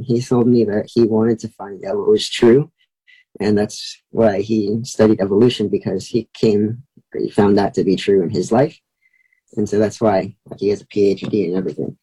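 A teenage boy answering questions as an interview guest, quick and casual, with lots of likes. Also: fairly low pitch, dark tone, breathy edge, poor audio. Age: teens.

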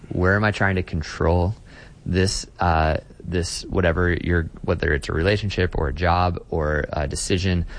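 A man's voice: low voice, vocal fry. A man who is a pastor, speaking as an interview guest in an earnest way and often restarting his words while he thinks.

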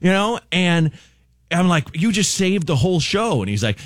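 Man, comedian guest, animated storyteller, very lively pitch, dry studio sound. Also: normal speed, dry recording. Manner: rambling, animated, acts out voices and laughs while telling stories. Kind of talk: casual storytelling on a radio show.

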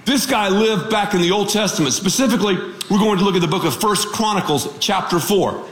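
A man preaching a radio sermon as a pastor, telling stories in an animated, joking way. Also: sits high, fairly quick, roomy sound.

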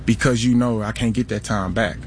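A man's voice: fairly low pitch, steady tone, a little fast, slight background noise. A man speaking in an earnest, emphatic motivational tone. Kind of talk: motivational sound clip.

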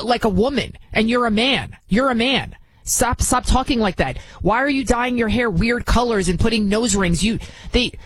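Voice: medium pitch, husky, rough recording. A commentary show host talking in an indignant, rambling way with many restarts. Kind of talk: opinion commentary.

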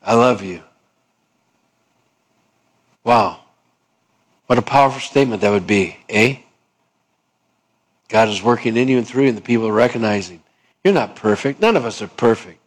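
A man preaching a sermon, asking his listeners questions and dropping low and soft on key points. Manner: acts out both sides of dialogues, rising pitch for the stubborn voice. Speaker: pastor.

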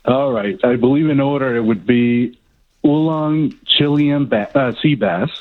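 A man from Mexico calling in to a radio contest, calm and plain. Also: medium pitch, measured pace. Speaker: caller. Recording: tinny phone line.

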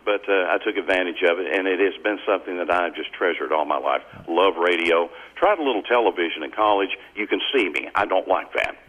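An older man from Tennessee with a Southern accent and a deep, resonant radio voice, chatting folksily as a caller on a morning radio show and giving rambling, detailed directions. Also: brisk, few pauses, narrow, tinny audio. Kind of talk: casual radio call-in chat.

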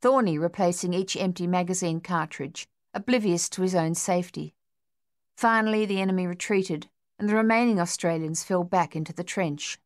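A woman reads an audiobook in a steady, measured way. Her voice sits fairly low. The recording is dry and close, with no room sound. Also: no room sound. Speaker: audiobook narrator. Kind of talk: scripted narration.

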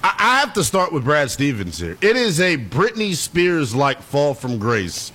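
Brief: young male sports radio co-host, high voice that swings a lot, blunt and playful. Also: wildly swooping pitch, measured pace, sharp tone. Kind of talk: sports talk radio banter.

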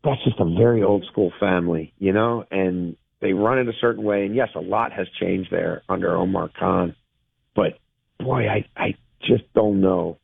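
A man calling in as a guest sports insider, giving analysis in a halting way and repeating words as he thinks. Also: sits low, vocal fry, breathy edge, no room sound. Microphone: telephone. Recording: phone line.

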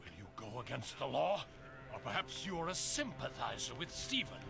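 An actor playing a harsh male official in a radio drama who commands a stoning, shouting his orders. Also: mid-range voice, big pitch swings, moderate pace, vocal fry, over music. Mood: stern.

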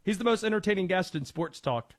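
A man's voice: sits high, expressive, fast. Punchy man hosting sports radio. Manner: emphatic, punchy short phrases.

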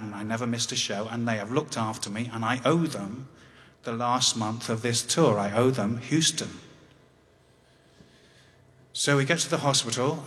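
An English man in his fifties telling a personal story on stage in a wry, conversational way with halting restarts. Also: medium pitch, a bit bright. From England. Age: 50s. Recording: long hall reverb.

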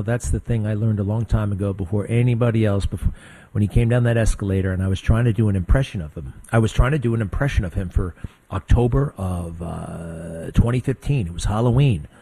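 A man's voice: lowish voice, fairly quick, dark tone. A man hosting a talk radio show, delivering a blunt, combative monologue that rambles and restarts.

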